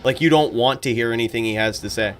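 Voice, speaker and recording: Over a slight hiss or hum, a medium-pitched man speaks fast with a bit of brightness. As a streamer and commentator he chats bluntly and profanely in a casual way, then calls fights in a game.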